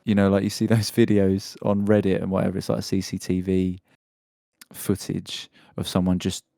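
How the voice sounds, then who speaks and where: Man, podcast host, low voice, rambling casual banter, dry sound. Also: completely flat delivery, moderate pace, creaky, mellow, dry recording. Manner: rambling, laughing banter with swearing. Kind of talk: casual chat.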